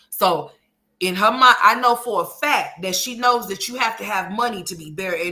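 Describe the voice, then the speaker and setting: A woman hosting a casual livestream, talking to her chat and calling viewers honey and sweetheart, by turns loud and animated, then soft. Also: medium pitch. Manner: chatty and emphatic, calls viewers honey and sweetheart; swings between loud animated bursts and soft murmurs. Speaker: livestream commentary host.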